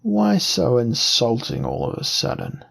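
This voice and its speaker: Aristocratic male officer, righteous and pompous, read by a man, husky, unhurried, audiobook. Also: medium pitch, wildly swooping pitch, fairly bright tone, heavily acted. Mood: pompous, suspicious.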